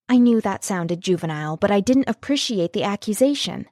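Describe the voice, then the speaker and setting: A woman's voice: medium pitch, animated, brisk, darkish tone, no echo, studio quality. A woman reading a first-person novel as an audiobook narrator, with an emotive reading style.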